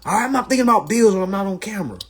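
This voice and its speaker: A man holds forth on a phone livestream, loose and profane. His voice sits high and swings widely in pitch, with a husky edge. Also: racing. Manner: animated, profane, mimics others' voices. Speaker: livestream host. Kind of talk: casual livestream rant.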